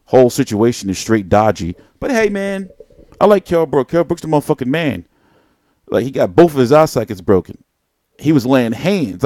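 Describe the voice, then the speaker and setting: A man's voice: medium pitch, big pitch swings, normal speed, darkish tone, dry recording, studio quality. A man hosting a live boxing talk stream, speaking in a blunt, profane and rambling street manner. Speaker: boxing channel host. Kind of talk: casual live boxing commentary.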